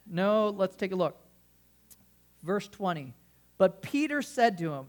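A man's voice: high-pitched, expressive, unhurried. A male pastor preaching a sermon in a conversational way, often restarting phrases and asking the congregation questions.

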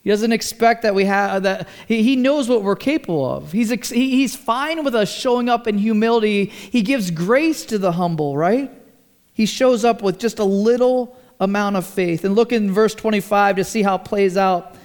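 A male pastor preaching a sermon in a conversational, animated way, briefly acting out the voices he quotes. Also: sits high, normal speed.

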